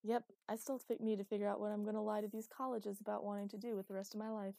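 A woman's voice: medium pitch, flat delivery, fast talker, vocal fry, mellow, no echo, natural voice. A woman voicing a cheerful, blunt teenage girl. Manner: sing-song, frank.

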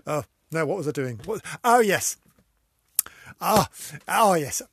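A man chatting alone on his podcast, his somewhat high voice husky and breathy. He swoops up and down in pitch, wandering off on tangents and giggling between thoughts. The sound is close and dry. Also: lively intonation, unhurried, long pauses, no echo. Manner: rambling, easily distracted, giggly; theatrical, exclamatory delivery. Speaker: podcast host. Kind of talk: casual solo podcast chat.

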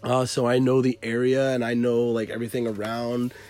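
A man's voice: medium pitch, monotone, fairly quick, a little mellow. A man in his thirties telling a story in casual chat, rambling and correcting himself as he goes, often breaking into laughter. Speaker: podcast co-host telling a story.

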